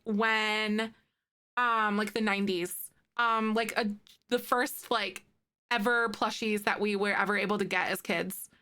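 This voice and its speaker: Bright, bubbly woman in her thirties. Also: mid-range voice. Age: 30s. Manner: bubbly, giggly, gushing. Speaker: live streamer. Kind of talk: casual chat with live viewers. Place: home streaming setup with green screen.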